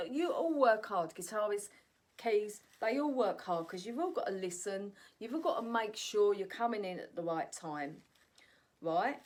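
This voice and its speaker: A woman vlogging in a chatty, ranting monologue, often tossing in "right?" asides. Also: mid-range voice. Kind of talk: casual opinion monologue.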